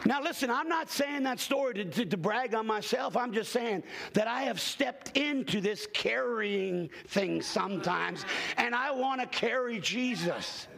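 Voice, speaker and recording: A man preaching a storytelling sermon at a church conference session, folksy and animated, sometimes rising into shouts at the congregation. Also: sits high, measured pace, creaky, few pauses, crowd noise, background noise.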